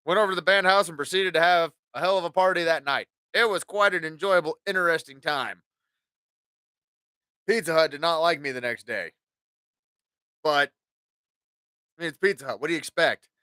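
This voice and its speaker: A man in his forties telling crude, meandering work and family stories on his podcast. He has a rather high voice with a bright, forceful edge. The sound is dry and close. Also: normal speed, long pauses, clean tone, no room sound. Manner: profane, rambling, acts out quotes. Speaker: podcast host. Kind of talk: casual storytelling monologue.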